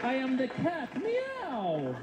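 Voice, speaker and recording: A man's voice: very high-pitched, huge pitch swings, slow, reverberant, pitched above the performer's own voice, heavily acted. A comedian putting on a coy purring Persian man. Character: male Iranian immigrant insisting he is Persian, coy and flirty. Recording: live club, audience laughter, noisy.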